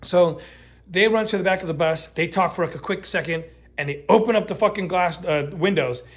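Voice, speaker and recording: Brief: middle-aged guy, slightly high voice, rambling storytime full of swearing and false starts. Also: brisk. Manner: animated, profane, lots of restarts and fillers. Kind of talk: casual true-crime storytime.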